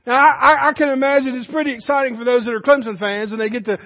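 A man's voice: very high-pitched, steady tone, fast. A man preaching a sermon in a church, emphatic and conversational, with joking asides to the congregation. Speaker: pastor. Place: church sanctuary. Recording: reverberant hall, dull muffled sound.

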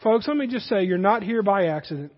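A man's voice: sits high, expressive, brisk. A man preaching a sermon in a folksy manner that rises to emphatic peaks, heard in a church sanctuary. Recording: dull, hall reverb.

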